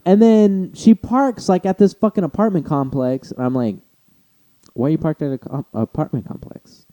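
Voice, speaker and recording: A young man tells a story in casual podcast talk, with a dark, mellow tone. He swears freely and acts out the quoted lines, with big leaps in pitch and loudness. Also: normal speed, dry recording. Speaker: podcast co-host.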